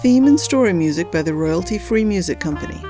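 Low-voiced woman narrating a story. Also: lively intonation, brisk, warm tone, soft background music. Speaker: podcast host and story narrator. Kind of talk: storytelling narration with casual commentary.

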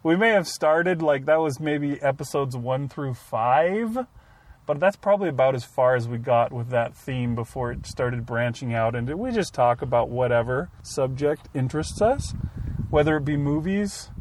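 A man's voice: mid-range voice, lively intonation, moderate pace, a little mellow. A man co-hosting a podcast in casual chat, chatty and laughing between phrases. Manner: chatty, laughs through his words. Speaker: podcast co-host.

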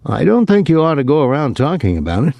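A man's voice: a little high, very animated, fast, vocal fry, dark tone, dry recording, pitched above the performer's own voice. A male reader voicing an earnest, uneasy grown son in an audiobook, talking in a pressing way. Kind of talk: audiobook character reading.

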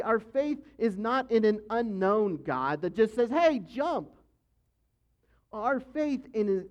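A high-voiced pastor delivers an earnest, emphatic sermon, circling back to drive his points home. The recording sounds dull and lo-fi, with the top end rolled off. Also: a little mellow. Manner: earnest, emphatic teaching with repetition.

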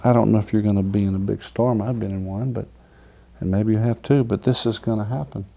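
A man's voice: fairly low pitch, steady tone, brisk, creaky, dark tone. A man preaching an informal sermon, reading scripture aloud and often asking the listeners if they understand. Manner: conversational, asks "do you understand?" often; acts out quoted figures with laughter.

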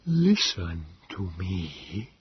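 A man voicing an enigmatic male Morlock who speaks in a slow, hushed near-whisper. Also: fairly high pitch, big pitch swings, husky, highs cut off, pitched above the performer's own voice, exaggerated voice. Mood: hushed, grave. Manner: very slow, measured speech.

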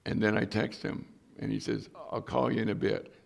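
A man's voice: on the low side, little pitch movement, moderate pace, gravelly. A middle-aged male pastor preaching a sermon, telling a personal story and acting out the voices in it. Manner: storytelling, acts out quoted voices.

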